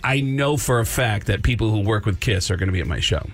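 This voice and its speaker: A male comedian and impressionist, a radio guest, telling stories in an animated way and slipping into voices. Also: lowish voice, fast, faint music behind. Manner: animated storyteller, slips into voices. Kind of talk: casual radio talk.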